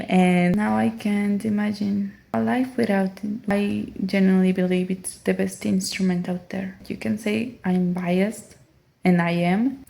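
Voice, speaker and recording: A woman's voice: mid-range voice, vocal fry, darkish tone. A young woman from Mexico with a Mexican Spanish accent, speaking English as a second language, chatting casually to camera in a rambling, self-conscious way; her voice sounds near tears. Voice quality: voice sounds close to crying. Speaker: vlogger.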